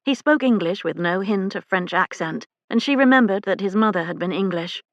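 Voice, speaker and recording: A woman reading a historical romance novel aloud as an audiobook narrator, in a measured, even storytelling manner. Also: medium pitch, dry recording, dull audio. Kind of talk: scripted narration.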